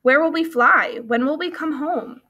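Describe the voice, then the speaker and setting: A woman voicing a young male gosling who asks worried, pleading questions in a high voice. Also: moderate pace, sharp tone, dull audio.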